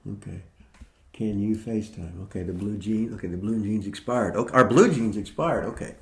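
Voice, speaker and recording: A man's voice: fairly low pitch, moderate pace, roomy sound. Older man rambling through profane stories. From Indiana, United States. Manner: rambling, heavy swearing, animated when telling stories. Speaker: podcast host, retired wrestler. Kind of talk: casual profane storytelling.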